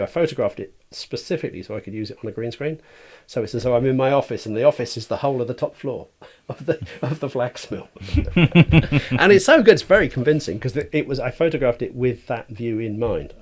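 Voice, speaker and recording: A man's voice: mid-range voice, expressive, quick pace, a little mellow. A man, a light artist, chatting as a podcast guest, enthusiastic and rambling, with many restarts. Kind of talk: casual interview chat.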